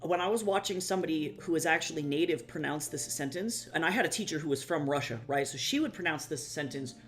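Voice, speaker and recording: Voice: medium pitch, fast, a bit bright. A young adult streamer in casual live-stream chat, rambling and swearing casually while talking to viewers.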